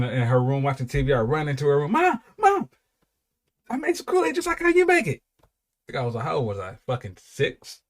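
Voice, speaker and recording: A man hosting a casual reaction video, talking in an animated, profane way and laughing often. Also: medium pitch. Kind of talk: casual reaction commentary and storytelling.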